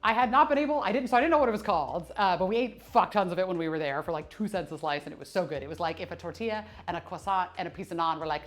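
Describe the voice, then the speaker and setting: A woman's voice: lowish voice, rapid-fire, hardly any pauses. A woman in her thirties chatting candidly on a live fitness stream, laughing often and swearing freely. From United States. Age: 30s. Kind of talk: casual live-stream chat. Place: gym. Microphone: streaming camera mic.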